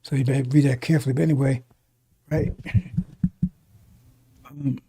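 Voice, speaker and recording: A man's voice: medium pitch, fairly even intonation, normal speed, dark tone, slight background noise. A man preaching a sermon, reading scripture aloud and then explaining it in casual talk, often asking "right?". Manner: reads verses then explains in casual speech, many restarts and "right?".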